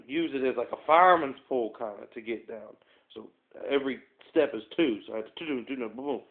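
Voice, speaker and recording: Gravelly man rambling into a phone. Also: medium pitch. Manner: rambling, self-mocking, many fillers. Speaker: vlogger. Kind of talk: casual storytelling to a phone camera. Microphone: phone front camera. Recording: tinny phone-quality audio.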